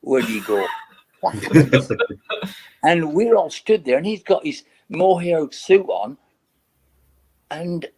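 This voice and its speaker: A man's voice: a little high, lively intonation, takes it slowly, pauses often, a little mellow, husky. An older man, a retired footballer, chatting as a podcast guest and telling rambling, laughing anecdotes with many restarts. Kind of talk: casual podcast chat.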